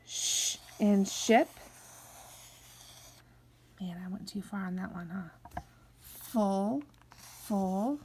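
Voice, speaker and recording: A woman teaching phonics to young children, sounding out each word slowly and coaxing them to follow along. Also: medium pitch, creaky, a little mellow, breathy edge. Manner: slow, drawn-out sounding-out of words; coaxing, encouraging teacher talk. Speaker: kindergarten teacher.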